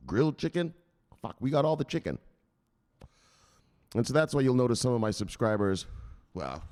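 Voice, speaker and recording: This American guy runs a crypto news vlog with a loose, rowdy, livestream-style vibe. His pitch jumps everywhere as he cracks jokes, laughs, and yells catchphrases at his audience.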